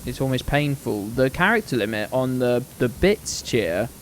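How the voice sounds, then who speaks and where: A man's voice: medium pitch, lively intonation, moderate pace, slight background noise. A man chatting casually and playfully while streaming a game, swearing freely. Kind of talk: casual live-stream chat.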